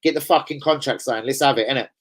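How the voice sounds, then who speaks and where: A man hosting a casual live stream, sweary and rambling as he shouts out his viewers. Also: mid-range voice, fast talker, low-quality recording. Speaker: live-stream host and football fan. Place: home room with a laptop. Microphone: laptop setup.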